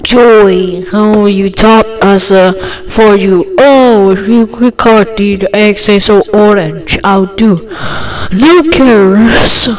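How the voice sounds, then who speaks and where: A woman improvising a rambling cartoon classroom voice-over, halting and breaking into sudden loud outbursts. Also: medium pitch, low-quality recording.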